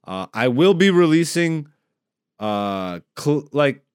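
A man's voice: a little high, very animated, slow pace, clear, resonant tone, no echo. A man hosting a podcast in a studio, talking in a loose, rambling, joking way. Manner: rambling, joking, laid-back. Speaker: podcast host. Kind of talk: casual podcast chat. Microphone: studio microphone.

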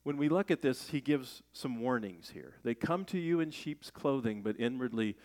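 A man's voice: medium pitch, lively intonation, normal speed, a little mellow. A middle-aged man preaching a sermon in a conversational way, asking rhetorical questions and raising his voice for emphasis. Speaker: pastor.

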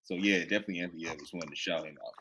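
Lower-voiced man reciting player stats. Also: rapid-fire, husky. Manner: steady, stat-heavy. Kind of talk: casual sports chat.

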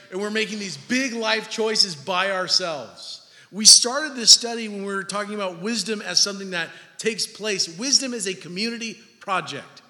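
A man in his thirties preaches with a bright, forceful edge and a fairly high voice. He is animated and jokey, slipping into quick acted-out scenes. The sound carries a long reverb from a church hall. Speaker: pastor. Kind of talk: sermon.

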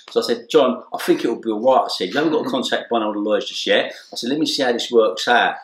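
A man's voice: mid-range voice, fairly quick. A middle-aged man telling an anecdote in casual conversation, acting out the dialogue and laughing often. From England. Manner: animated storyteller, acts out dialogue, laughs often. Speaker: interview guest. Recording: echoey room.

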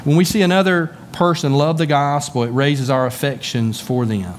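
A man's voice: fairly high pitch, steady tone, normal speed, a little hiss or hum. A man with a Southern US accent preaching a sermon as pastor, folksy and conversational, often repeating words as he goes. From Southern United States. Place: church sanctuary.

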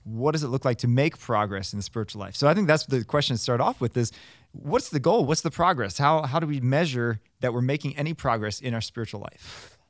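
A man's voice: mid-range voice, expressive, dry recording, studio quality. A man, a Catholic priest co-hosting a podcast, talking in an earnest, questioning way. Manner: earnest, questioning, quick to laugh. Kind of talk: casual podcast chat.

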